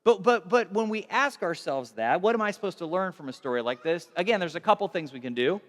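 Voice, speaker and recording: A man's voice: high-pitched, expressive, fairly quick, fairly bright tone, long reverb tail. A man preaching a casual, conversational sermon, telling stories with a self-deprecating, loose manner and plenty of restarts. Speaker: pastor.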